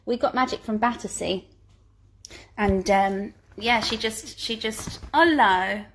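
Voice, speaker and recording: A woman's voice: a little high, steady tone, measured pace, slight background noise. A woman, chatting casually on a live stream from home and reading out viewer questions, giggly and full of ums. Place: home living room.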